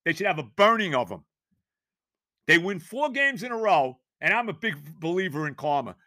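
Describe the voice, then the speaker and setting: A man's voice: high voice, big pitch swings, moderate pace, sharp tone, no room sound, studio quality. Fuming, foul-mouthed sports podcast man. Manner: fuming, profane, exasperated. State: worked up. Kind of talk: angry sports rant.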